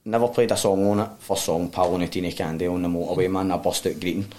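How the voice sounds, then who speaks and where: This is a man with a thick Glaswegian accent and a voice that sits on the low side. He talks in a raw, sweary, heartfelt way, circling back and rambling as he tells his story. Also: fairly even intonation, fast, darkish tone. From Glasgow, Scotland. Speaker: guest. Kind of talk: candid personal storytelling.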